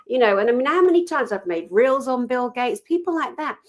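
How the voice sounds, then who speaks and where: A woman co-hosting a casual chat, speaking in a passionate, outspoken, animated storytelling manner. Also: a little high, a little fast. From Britain. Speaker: co-host.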